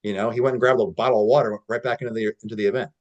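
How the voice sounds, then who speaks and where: A man coaching on a casual call, telling stories with a relaxed manner and lots of "like" and "you know". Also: lowish voice, racing, lo-fi sound. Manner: relaxed storytelling with many fillers. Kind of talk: casual teaching talk.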